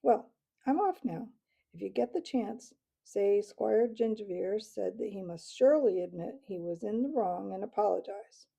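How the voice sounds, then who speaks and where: A woman's voice: medium pitch, expressive, moderate pace, creaky, mellow, breathy edge, rough recording. A woman voicing a refined, idly disdainful male cat squire in a storybook reading. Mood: genteel. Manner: idle, genteel, mildly disdainful.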